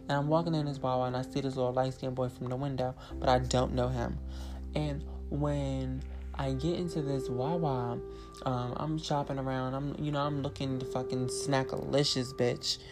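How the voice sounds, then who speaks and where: A young woman with a notably low-pitched voice hosts her own podcast. She tells a rambling story in a chatty, blunt way and swears freely. Guitar music plays clearly underneath. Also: steady tone, normal speed. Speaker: podcast host. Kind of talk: casual storytelling monologue.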